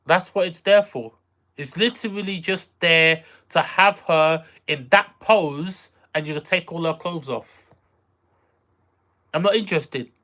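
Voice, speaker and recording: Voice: medium pitch, a little slow, bright, forceful tone. A streamer chatting casually with viewers on a live stream, rambling, repeating phrases and trailing off while searching for words. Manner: reacts aloud to viewer messages. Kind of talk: casual livestream chat with viewers.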